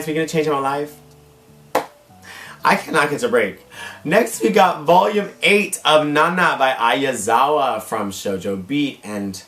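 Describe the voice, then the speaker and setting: Faint guitar music plays in an echoey room as a drag queen channel host shows off his manga haul in a casual vlog. His fairly bright, mid-range voice is strained and tiring, yet he stays gushing and dramatic, addressing viewers as "y'all" and "baby."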